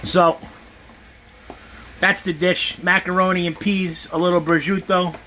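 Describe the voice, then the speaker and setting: A man's voice: high-pitched, level tone, a little slow, sharp tone, slight background noise. Brash profane man cooking at home. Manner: brash, profane, talks straight to viewers. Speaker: home cook. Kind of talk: casual cooking livestream chat. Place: home kitchen.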